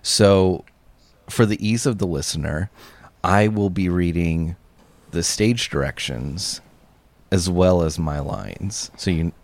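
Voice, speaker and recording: A man co-hosting a casual comedy podcast, talking in a slow, deadpan way with frequent restarts. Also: low voice, no room sound. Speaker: podcast co-host.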